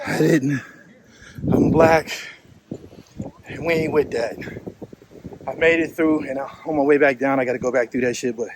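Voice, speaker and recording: A slightly winded man talks straight into his phone while hiking an outdoor trail, his manner blunt, profane and joking. Plenty of background noise rides under his mid-pitched voice. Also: fairly even intonation, measured pace, pauses often. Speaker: vlogger host. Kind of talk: casual travel vlog.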